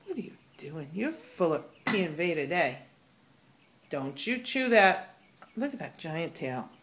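A woman's voice: on the low side, very animated, a little slow, noisy background. A woman filming her pet squirrel, talking to it in playful scolding baby talk. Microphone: handheld camera.

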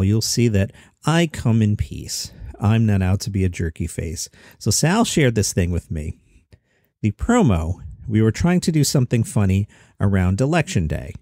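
A man's voice: lowish voice, dark tone, no room sound, studio quality. Chatty male comedy news host. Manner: chatty, jokey asides. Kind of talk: comedy news podcast commentary.

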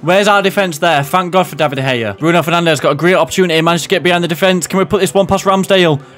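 A young man calls the action of a football video game as he plays it. His voice sits a little high, and he swings between loud excited outbursts and low muttered asides. Faint music plays underneath. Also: very fast. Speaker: gaming commentator.

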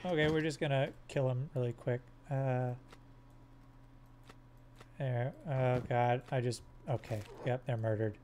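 A man's voice: medium pitch, flat delivery, takes it slowly, pauses often, a little mellow, a little hiss or hum. A man streaming a game live, joking crudely and swearing as he plays. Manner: hums silly sound effects. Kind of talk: live gameplay commentary.

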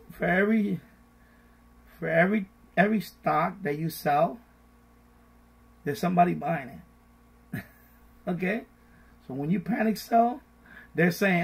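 A middle-aged man talks casually about investing on a live stream, repeating himself for emphasis. His voice sits fairly high, with a gravelly, husky edge. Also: poor audio. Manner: repetitive, animated, mocks panicked voices. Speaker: finance live-stream host.

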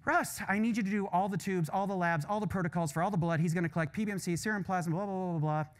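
A man quoting an older male senior researcher who fires off orders over the phone in quick succession. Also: sits high, pitched above the performer's own voice, natural voice. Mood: commanding. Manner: rapid-fire orders on the phone.

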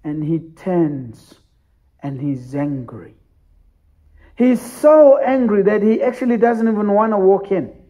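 A man's voice: sits high, lively intonation, takes it slowly, mellow. A man preaching a sermon as pastor, telling the story emphatically with repeated phrases.

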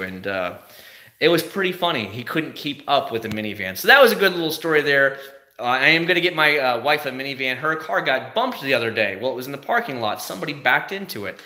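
A man's voice: medium pitch, a little fast, echoey room. A man in his thirties, a car vlogger chatting casually and acting out quotes in his stories. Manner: animated storytelling with acted-out quotes. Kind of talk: casual chat.

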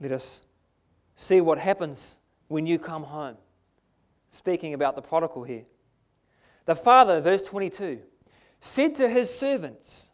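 A man's voice: high-pitched, expressive, moderate pace, long pauses. A man with a New Zealand accent preaching a sermon in a church, emphatic and asking the congregation "amen?".

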